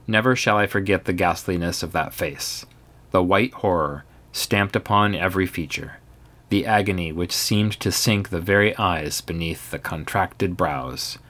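A man narrating a Victorian ghost story in the first person, with a measured, theatrical delivery. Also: low-pitched, fairly bright tone.

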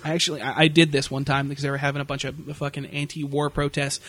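A man's voice: on the high side, level tone, fast talker, a bit bright. A young man telling crude, jokey stories in casual chat and breaking into exaggerated impressions. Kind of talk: crude comedic storytelling chat.

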